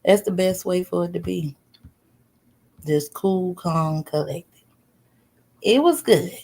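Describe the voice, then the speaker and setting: A woman live streamer casually tells her chat a story, animated and laughing as she talks, swearing freely and constantly tossing questions to viewers. Her voice is lowish with vocal fry, and she speaks at a slow pace.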